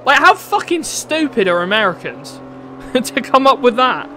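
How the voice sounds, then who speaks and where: A British gaming streamer rants casually while playing a racing game, blunt and opinionated, swearing now and then and laughing at his own jokes. His very high voice swings widely in pitch at a measured pace, with a sharp tone and slight background noise.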